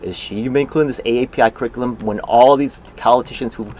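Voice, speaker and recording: A man keeps up a profane, sarcastic running commentary on a livestream, scoffing at what he watches. His voice sits in a middle pitch. A faint hiss lies under the recording. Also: fast, darkish tone. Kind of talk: profane running commentary over a video call.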